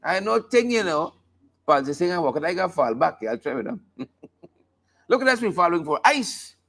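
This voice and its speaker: A man's voice: on the high side, very animated, fairly quick, creaky, fairly bright tone. A man hosting a live talk show, joking and commenting on the news in a playful, casual way. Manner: joking, playful, sings snippets and laughs often.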